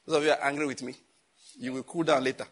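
A man preaching a sermon as pastor, animated and scolding, with jokes and sudden jumps in pitch. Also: quick pace.

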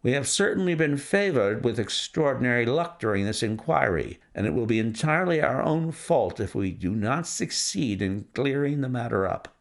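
A man reading aloud, playing a cool, self-assured gentleman detective with a measured, dry delivery. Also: medium pitch, expressive, vocal fry. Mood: composed. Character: cool, precise gentleman detective, adult male.

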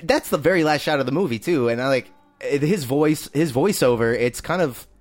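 A man's voice: a little high, animated, normal speed, no room sound. A man co-hosting a casual movie review podcast, laid-back and swearing, arguing his points. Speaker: podcast co-host.

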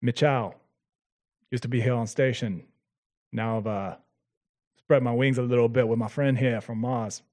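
A man playing a tabletop game, speaking in character and out, playful and quick to laugh. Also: mid-range voice, fairly even intonation, darkish tone. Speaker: player. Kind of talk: tabletop role-play.

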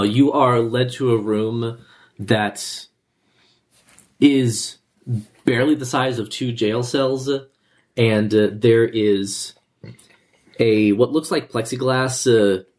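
A man's voice: mid-range voice, darkish tone. A man narrating a tabletop role-playing game as game master, often stumbling over and repeating his words. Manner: halting, repeats words and says uh.

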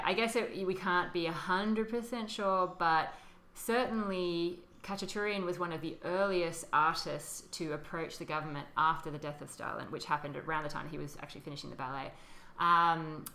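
A woman's voice: deep voice, normal speed, sharp tone. A woman co-hosting a podcast, explaining history in a chatty way, with fillers and frequent laughter. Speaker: podcast co-host. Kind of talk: casual conversational history chat. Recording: roomy echo.

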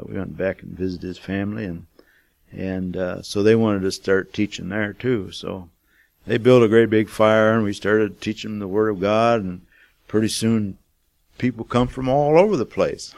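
A man's voice: lowish voice, gravelly, dry recording. An older man, a missionary, telling a testimony in a folksy, rambling way with many fillers. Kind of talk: casual storytelling testimony.

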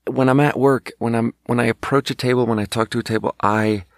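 A man's voice: medium pitch, steady tone, brisk, dry recording, clean studio sound. A man from Sweden, hosting a podcast as a casual solo monologue, rambling and self-conscious, often laughing between thoughts. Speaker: podcast host.

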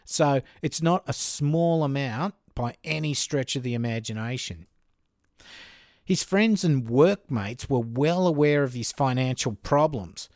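A man's voice: mid-range voice, no room sound, studio quality. A man with an Australian accent hosting and narrating a true crime podcast in a conversational way, with joking asides. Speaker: podcast host.

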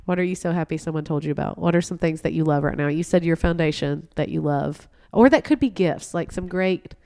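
A woman in her thirties co-hosting a casual chat podcast, talkative and quick to laugh. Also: low-pitched, vocal fry, mellow, no room sound. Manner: chatty, laughs easily, gets emotional. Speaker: podcast co-host.

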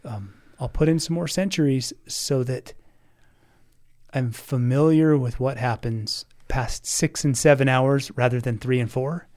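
A man's voice: mid-range voice, measured pace, a little mellow. A man guesting on a podcast, chatting casually, laughing often and poking fun at himself, sometimes stumbling and repeating words. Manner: laughs often, self-deprecating. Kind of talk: casual chat.

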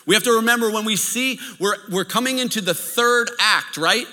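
A man preaching from the pulpit, his voice high-pitched and piercingly bright. His delivery swings up and down as he tells stories and checks in with the congregation. A long reverb tail trails off in the large hall. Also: normal speed. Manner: lively storytelling, checks in with the audience. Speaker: pastor. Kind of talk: sermon.

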